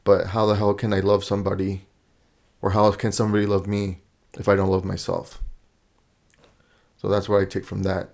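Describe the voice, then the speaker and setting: A man's voice: low-pitched, completely flat delivery, normal speed, vocal fry, pauses often, a little mellow. A man sharing his own recovery experience in casual conversation, plainly and candidly.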